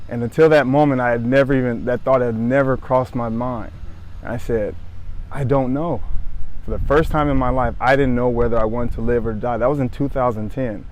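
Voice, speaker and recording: A man's voice: mid-range voice, steady tone, darkish tone. Earnest man in his thirties. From Southern California. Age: 30s. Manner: earnest, halting, repeats phrases. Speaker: former pro football player sharing his story. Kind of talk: personal testimony to camera.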